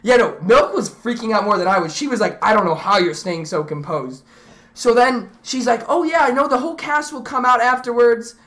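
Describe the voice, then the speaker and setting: A young woman streamer telling a story to her live chat in a rambling, excitable way, full of restarts and fillers. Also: on the high side, brisk.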